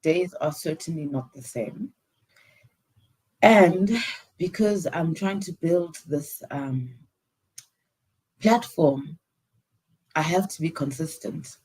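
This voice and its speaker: A woman hosting a live stream in casual talk, halting and teary, often sighing and pausing. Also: low-pitched, a little mellow, husky, poor audio. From South Africa. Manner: halting, with many sighs and pauses. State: teary, close to crying.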